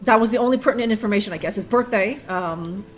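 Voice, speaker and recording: A woman's voice: medium pitch, fast, faint music behind. A woman streaming a detective game live, rambling and laughing as she sounds out German words with frequent curses. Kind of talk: casual live gameplay commentary.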